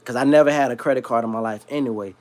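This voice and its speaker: A man from South Florida who hosts a livestream, telling a long story in a slangy, rambling, animated way. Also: medium pitch, very fast. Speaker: livestream host. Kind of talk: casual storytelling.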